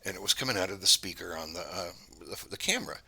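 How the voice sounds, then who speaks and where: A man's voice: low voice, animated, quick pace, creaky, pushed and bright, husky. A man, the host of his own channel, telling a story to camera in a casual, meandering way with frequent restarts. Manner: meandering, conversational, many restarts.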